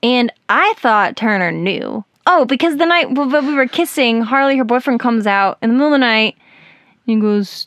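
A woman hosting a podcast, telling a personal story in casual chat, animated and giggly with lots of fillers. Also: fairly high pitch, moderate pace, no room sound, studio quality. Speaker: podcast host.

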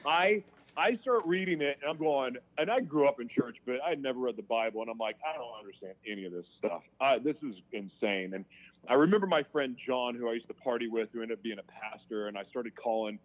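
A man telling his own story as an interview guest, frank and emotional, halting and restarting as he speaks. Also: mid-range voice. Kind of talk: candid personal storytelling. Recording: tinny phone-line sound.

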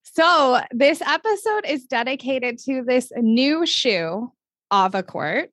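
A woman hosting a podcast interview, gushing and enthusiastic, talking in quick bursts with frequent laughs. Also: sits high, animated, fairly bright tone, no room sound, clean studio sound. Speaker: podcast host. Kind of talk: upbeat casual interview.

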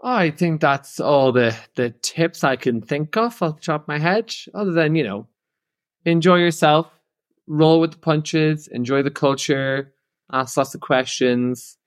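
A man's voice: fairly high pitch, unhurried. A young Irish man co-hosting a casual travel podcast, chatty and teasing, laughing often. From Ireland. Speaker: podcast co-host. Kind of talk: casual chat.

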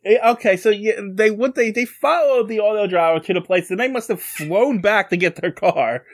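A man co-hosting a podcast, recapping a story in casual chat and often trailing off and restarting. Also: high-pitched. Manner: recaps the plot haltingly with restarts. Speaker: podcast co-host.

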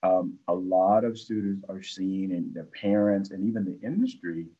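A man with a very low, mellow voice talks through ideas on a podcast panel. His delivery is measured and explanatory, with occasional ums along the way. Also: highs cut off. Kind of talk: podcast discussion.

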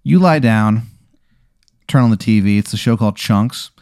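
A man hosting a comedy podcast, casually improvising an absurd story with a rambling, filler-heavy, deadpan delivery. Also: fairly low pitch, normal speed, no room sound, studio quality. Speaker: podcast host telling an absurd hypothetical.

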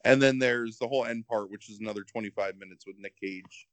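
A man's voice: lowish voice, fairly quick, no room sound. Rambling man in casual chat. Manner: rambling, animated, heavy on "like".

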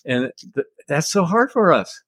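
An older American male author answers interview questions in a measured, thoughtful storytelling way, with soft chuckles. His voice is on the high side and very animated, and the recording is dry.

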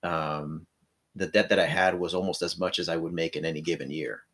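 A man from Illinois with a very low, deep voice talks through his past in a casual, meandering way. He speaks softly and reflectively as he answers an interviewer. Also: steady tone, a little fast. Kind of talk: casual personal storytelling.

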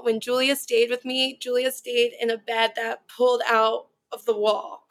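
A woman's voice: a little high, level tone, moderate pace, fairly bright tone. A young woman in her twenties answering interview questions in a chatty, casual way, often saying "you know" and "like". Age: 20s. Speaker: study-abroad student guest.

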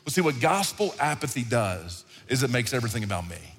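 A man preaching a sermon in a conversational, animated style, often repeating himself. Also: mid-range voice, fairly quick. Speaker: pastor. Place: large hall, church service. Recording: reverberant hall with faint music.

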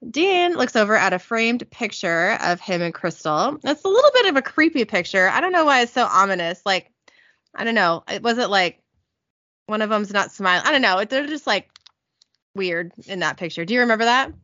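A woman's voice: mid-range voice, sing-song, moderate pace, pushed and bright, no echo. A young woman hosting a casual recap podcast, chatty, with lots of "like"s and self-corrections. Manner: chatty, many "like"s and self-corrections, laughs often. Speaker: podcast host. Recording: dull lo-fi dry audio.

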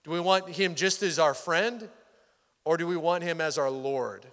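Male pastor, slightly high voice, casual sermon delivery, reverberant sanctuary. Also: moderate pace, fairly bright tone. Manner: conversational, drops to near-whisper for intimate points. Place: church sanctuary. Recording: hall reverb.

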